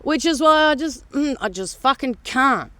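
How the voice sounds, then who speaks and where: A woman's voice: sits high, lively intonation, moderate pace, sharp tone, no room sound. An Australian woman venting in a blunt, sarcastic rant for her vlog, swearing heavily and mocking the views she disagrees with. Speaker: vlogger. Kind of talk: ranting monologue vlog.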